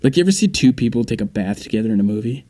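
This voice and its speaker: A man's voice: medium pitch, very animated, racing, warm tone. Male stand-up comedian, exasperated, profane, acting out scenes.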